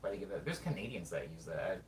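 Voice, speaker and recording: A man from California with a Californian accent, chatting casually as a streamer, thinking aloud and reading chat in a rambling, drawn-out way. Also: sits low, very animated. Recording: roomy sound, mic at a distance, faint background noise.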